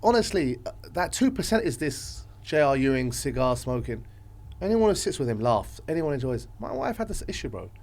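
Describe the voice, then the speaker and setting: A man talks as a guest on a podcast, rambling through his stories with animated energy. His voice sits in a middle pitch and swings from loud bursts to quiet stretches as he chats casually. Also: brisk. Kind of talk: casual chat.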